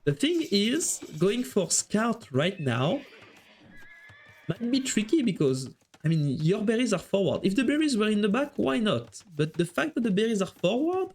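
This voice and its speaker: French-accented esports caster, high voice. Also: male voice. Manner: chatty, thinks aloud, quick reactions to the match. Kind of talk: live game commentary while chatting with viewers.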